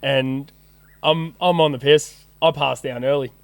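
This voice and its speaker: A young Australian man appears as a podcast guest in a casual chat, telling an animated story full of free swearing and acted-out dialogue. His voice is medium-pitched, a little slow, creaky yet smooth, on a dry recording.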